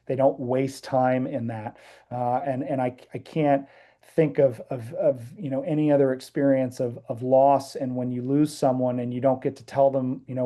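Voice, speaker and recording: A middle-aged man, a band director, giving earnest, halting interview answers with many restarts. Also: mid-range voice, warm tone. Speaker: high school band director, guest.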